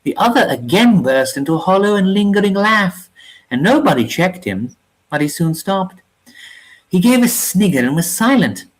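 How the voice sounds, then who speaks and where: A reader narrating a grim war novella aloud in a measured, somber way. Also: medium pitch, sing-song, poor audio. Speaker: reader of a story channel.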